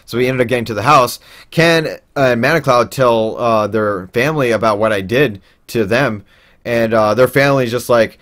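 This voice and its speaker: Rambling through a personal anecdote with plenty of fillers and false starts, this young man imitates quoted people in a raised voice. His mid-range voice moves at a normal speed and has a fairly bright tone.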